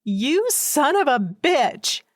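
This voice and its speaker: A woman's voice: high-pitched, sing-song, extremely slow, no echo, studio quality, pitched above the performer's own voice, full character voice. Fiery, exasperated young woman, as a narrator voices her. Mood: indignant. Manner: heated, exasperated outbursts. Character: indignant, fiery young woman, quick-tempered.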